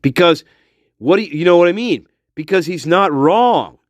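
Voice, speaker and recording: A man's voice: sits high, expressive, normal speed, no room sound, muffled recording. A male true-crime channel host giving profane, exasperated, emphatic ranting commentary.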